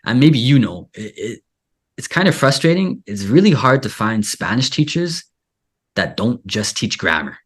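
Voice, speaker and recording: A man's voice: mid-range voice, sing-song, normal speed, slightly rough. A man hosting a casual interview, talking in a rambling way full of filler "like". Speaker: podcast host and Spanish teacher.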